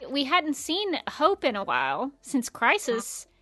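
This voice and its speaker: A woman's voice: sits high, huge pitch swings, unhurried, pushed and bright, no room sound. A woman co-hosting a fan podcast, reading out listener questions in amused casual chat. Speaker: podcast co-host.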